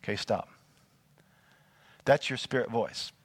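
A man preaching a sermon, animated and full of call-and-response questions to the congregation. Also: medium pitch, slow, dry recording. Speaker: pastor.

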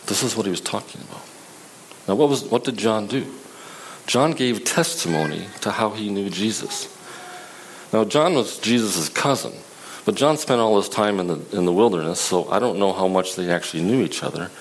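A man preaching a sermon in a conversational, halting way, often restarting his sentences. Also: fairly low pitch, expressive, a little hiss or hum, low-quality recording.

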